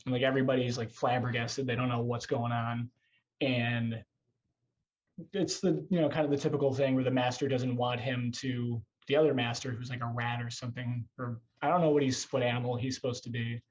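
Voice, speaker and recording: A man's voice: mid-range voice, little pitch movement, a little fast, dull audio. A man hosting a casual podcast over a video call, rambling and self-deprecating, swearing now and then. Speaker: podcast host.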